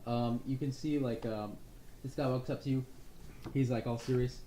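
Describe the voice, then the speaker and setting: Brief: laid-back game master, rambling narration, roomy room, faint noise. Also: male voice, mid-range voice, steady tone, normal speed, warm tone.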